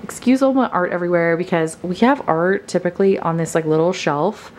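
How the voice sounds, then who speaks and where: A woman's voice: fairly low pitch, fairly quick, a little hiss or hum. A woman chatting casually in a home vlog, thinking aloud with lots of "like" as she paints her living room. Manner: hushed at night. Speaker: homestead vlogger.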